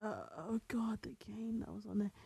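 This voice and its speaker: A young woman co-hosting a podcast in casual chat, rambling as she searches for details, often dropping into breathy asides. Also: mid-range voice, normal speed, warm tone, dry recording, poor audio. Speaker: podcast co-host.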